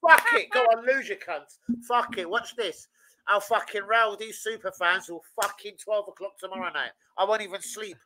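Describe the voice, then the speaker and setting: A man's voice: high voice, normal speed, low-quality recording. A man hosting a live football watch-along stream, ranting angrily and swearing constantly. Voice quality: sweary, loud and ranting, swings from shouting to muttering. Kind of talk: heated football fan rant.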